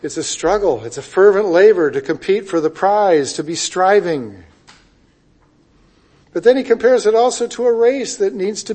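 A high-voiced man preaches a sermon, reading scripture and explaining it. He swings emphatically between loud declarations and hushed asides.

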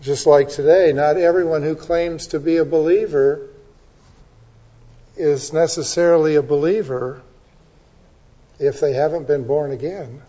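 A male preacher giving a sermon in an animated, emphatic storytelling manner, on a dull lo-fi recording. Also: high-pitched. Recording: dull lo-fi sound.

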